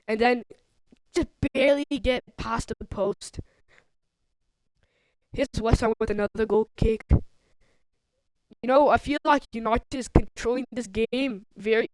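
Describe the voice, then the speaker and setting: A woman streaming play-by-play commentary on a football video game, calling out players and breaking into sudden excited outbursts. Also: fairly high pitch, dry recording, rough recording. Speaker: livestream commentator.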